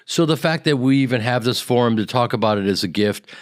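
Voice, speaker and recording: A man from the American Midwest, an actor and comedian guest on a radio interview, telling animated stories and acting out the people in them. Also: medium pitch, quick pace, no echo, studio quality. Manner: animated storyteller who acts out quoted people. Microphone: studio microphone.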